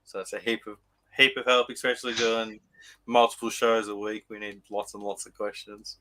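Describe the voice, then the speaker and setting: Bright-voiced man hosting. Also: lowish voice, level tone, moderate pace, a little hiss or hum, low-quality recording. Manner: upbeat, explains rules clearly. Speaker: podcast host. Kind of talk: hosting a podcast quiz.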